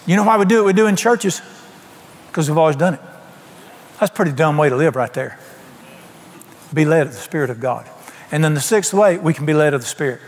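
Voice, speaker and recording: Brief: man, pastor mid-sermon, folksy and plainspoken, fairly high voice, long reverb of a church hall. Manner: folksy, colloquial preaching with sudden soft drops.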